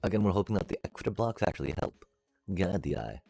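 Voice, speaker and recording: A man streaming a building game, musing aloud to his chat in a relaxed way and making playful beep-boop noises as he works. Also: sits low, fast, vocal fry, slightly rough, no room sound, faint music behind. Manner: chatty, musing aloud, makes beep-boop sound effects. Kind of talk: casual gameplay commentary to live chat.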